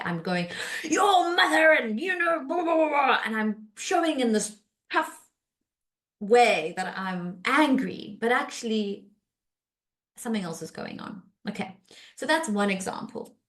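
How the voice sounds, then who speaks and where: On a podcast, a therapist speaks at a medium pitch in a relaxed, conversational way, stumbling through fillers and starting sentences over. When quoting people, she performs their lines with animated voices.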